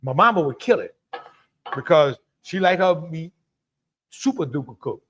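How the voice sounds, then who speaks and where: A man's voice: fairly high pitch, animated, moderate pace, breathy edge. A middle-aged man hosts a live cooking stream in a chatty way, greeting viewers by name and laughing often. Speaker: cooking show host.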